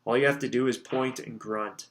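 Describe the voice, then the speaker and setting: A man's voice: medium pitch, steady tone, normal speed, lightly acted. A man voicing a teasing teenage boy in an audiobook, drawling dismissively.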